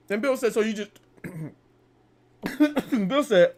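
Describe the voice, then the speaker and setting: A young man hosting a casual boxing podcast, talking in a heated, animated way and peppering his lines with "bro" and profanity. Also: very high-pitched, slow. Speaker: podcast host.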